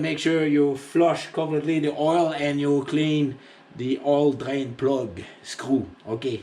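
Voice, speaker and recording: This fairly high-pitched man with a darkish tone and a French accent demonstrates tractor maintenance. He keeps it conversational and rambling, often laughing at himself.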